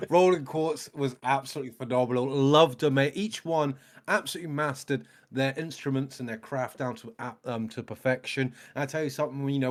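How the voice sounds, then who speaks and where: Casting: effusive British male co-host, mid-pitched, keen and friendly. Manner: enthusiastic, effusive, leans on "mate". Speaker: reaction video co-host. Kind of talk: casual reaction chat.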